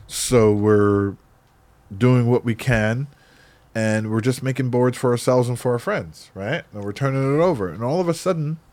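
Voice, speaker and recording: A man, a guest on a podcast, telling animated stories about his past in a casual way, often adding "right?". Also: mid-range voice, moderate pace. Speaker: podcast guest, skateboard company founder. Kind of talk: casual storytelling.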